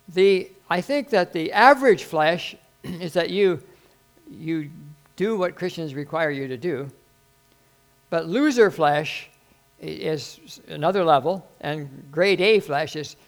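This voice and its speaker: An older man preaching a sermon as pastor, folksy and rambling, with self-deprecating humor. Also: fairly high pitch.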